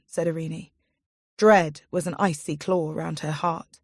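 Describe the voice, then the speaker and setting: A woman with a lower-pitched voice narrates a scripted fantasy audiobook in a measured, storytelling style. The sound is studio quality with no echo.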